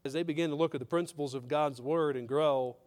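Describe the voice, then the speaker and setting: A man's voice: on the high side, fairly even intonation, quick pace, a little mellow. A man pastor preaching a sermon, emphatic, with repetitions and direct questions to the congregation.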